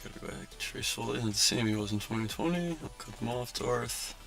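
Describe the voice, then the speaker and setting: A man in his twenties hosting a casual livestream, telling a story with lively acted-out quotes and many filler words. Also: mid-range voice, fairly quick, gravelly, soft background music. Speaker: livestream host.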